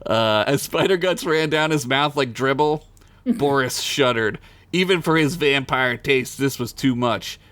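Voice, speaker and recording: Guy reading a dirty comedy story on a podcast, mid pitch, keeps cracking himself up. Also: measured pace, a bit bright, dry recording. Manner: giggles at his own jokes; stumbles over invented names.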